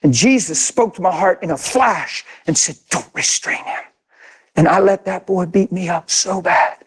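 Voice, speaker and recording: A man's voice: high-pitched, normal speed, breathy edge. An older man preaching a sermon, telling a story with emphatic, intense repetition. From grew up in a city. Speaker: pastor.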